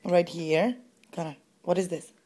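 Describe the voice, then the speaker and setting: A woman's voice: lowish voice, steady tone, measured pace, dark tone. Coaxing mother talking to her toddler. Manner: sing-song, encouraging baby talk. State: pregnant. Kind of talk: home video, coaxing a toddler.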